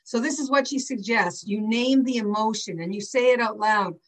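A woman's voice: a little high, normal speed, a bit bright, poor audio. An older woman leading a class over a video call, talking in a chatty, rambling way with frequent asides. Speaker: class teacher. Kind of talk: casual online class talk.

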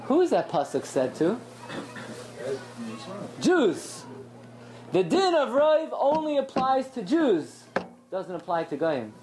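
A woman teaching a lively Talmudic lesson, acting out quoted voices and asking and answering her own questions. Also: fairly high pitch, takes it slowly, long pauses. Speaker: Torah teacher.

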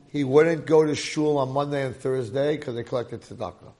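A man's voice: medium pitch, a little fast. A man teaching a Torah class, telling a story animatedly and addressing his listeners. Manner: animated storyteller, talks to audience.

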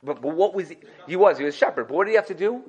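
Guy teaching a torah class, voice jumps all over, bit high, acts out the quotes. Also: very fast, slightly rough, lo-fi sound. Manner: animated, acts out quotes, asks the class questions.

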